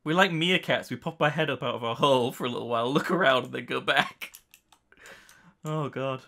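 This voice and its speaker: A man's voice: mid-range voice, fairly quick, gravelly, bright, forceful tone. A British man hosting a casual, joking gameplay chat, rambling as he builds. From United Kingdom. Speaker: let's play host.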